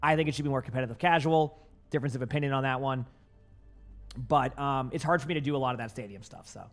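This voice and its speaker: A man's voice: medium pitch, quick pace, soft background music. A young man with a light Boston accent, a gaming streamer chatting casually with his viewers, rambling with lots of fillers and restarts. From Boston area.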